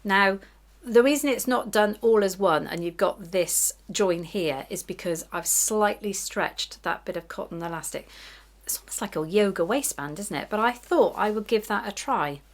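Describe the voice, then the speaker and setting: Middle-aged lady sewing vlogger, chatty and giggly, laughs at herself, normal pitch. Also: normal speed. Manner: chatty, giggly, self-deprecating. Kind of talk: casual chat to camera.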